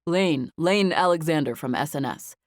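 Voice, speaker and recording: Lady doing a guy voice, lowish and calm, plain and matter-of-fact, dry sound. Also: normal speed, dry recording. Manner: low, matter-of-fact, understated. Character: young man, earnest and restrained. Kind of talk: audiobook character voice.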